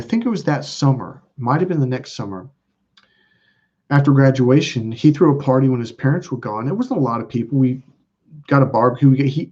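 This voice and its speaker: A man's voice: medium pitch, dark tone, lo-fi sound. A man telling a personal story as a self-help video host, rambling and cutting himself off mid-sentence. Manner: rambling, self-interrupting, casual with profanity.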